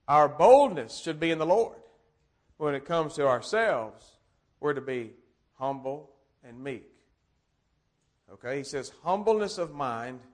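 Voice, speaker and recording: A man preaching a sermon, earnest, repeating key phrases and swinging between strong and soft words. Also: fairly high pitch.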